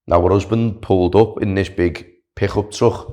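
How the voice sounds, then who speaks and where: A young man tells a story in casual podcast chat. His voice sits very low. He rambles in an animated way, stacking fillers and restarts. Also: normal speed. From Wales. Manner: animated, chatty, filler-heavy with "like" and "do you know what I mean". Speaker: podcast guest, long-distance walker.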